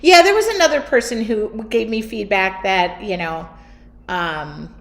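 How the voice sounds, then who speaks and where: A middle-aged woman hosting her art studio livestream, chatting casually and laughing often in a loud, talkative way. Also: medium pitch, expressive, unhurried. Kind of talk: casual chat during a livestream.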